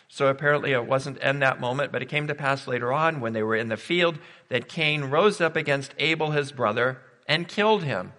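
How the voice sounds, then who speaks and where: A man's voice: mid-range voice, brisk, bright, forceful tone, in a large hall. A man preaching a sermon in a conversational way, thinking aloud and posing rhetorical questions.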